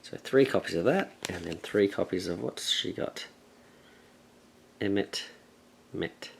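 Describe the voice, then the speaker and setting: A man hosting a board game channel, casually unboxing and thinking aloud with relaxed, hesitant fillers. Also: sits low, a little slow, vocal fry, a little hiss or hum, rough recording. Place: at a table, handling game pieces.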